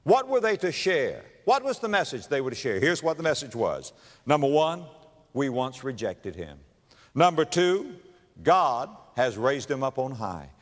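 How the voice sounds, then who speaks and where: Man preaching, goes quiet then booms, big echoey sanctuary. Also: big pitch swings, unhurried. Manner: dramatic, swings from hushed to loud with wide pitch leaps. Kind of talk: sermon. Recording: long reverb of a large hall.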